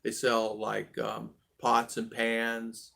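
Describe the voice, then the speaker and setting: Male live-stream host, gravelly voice, friendly and rambling, halting with lots of fillers. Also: mid-range voice, monotone, pushed and bright. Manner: friendly, greets viewers one by one. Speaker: livestream vlog host. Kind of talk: casual live chat greeting viewers.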